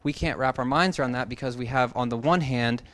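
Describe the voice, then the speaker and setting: A man leads a relaxed, expository sermon in a mid-range voice. He works through a scripture passage as a Bible teacher, keeping his tone conversational and breaking in now and then with playful asides. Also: mid-range voice, brisk.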